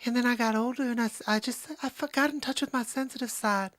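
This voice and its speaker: A man voicing a gentle, soft-spoken man in a high, hesitant voice. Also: fairly even intonation, quick pace, dry recording.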